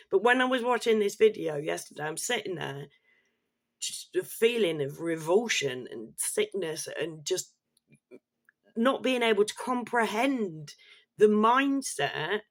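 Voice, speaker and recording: Woman vlogger, angry sweary rant, blunt and loud, laughs now and then. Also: mid-range voice. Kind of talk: ranting commentary vlog.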